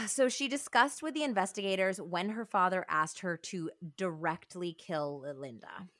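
A woman's voice: on the low side, moderate pace, a bit bright, no room sound, clean studio sound. A woman hosting a true crime podcast, earnestly telling the story and reading passages aloud from a book. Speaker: podcast host.

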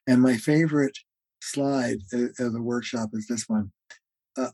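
A man with a husky, mellow voice speaks as a therapist guest in a podcast interview. He explains concepts earnestly and in a teaching manner, often pausing on "uh." He sometimes acts out both sides of a couple's argument. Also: mid-range voice, dry recording, poor audio.

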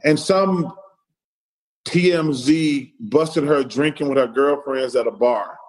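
A man's voice: mid-range voice, slow pace, poor audio. Man telling stories. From Alabama, US. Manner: retells stories in quoted dialogue, keeps repeating "I said". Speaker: podcast guest, former pro athlete. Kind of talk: casual storytelling.

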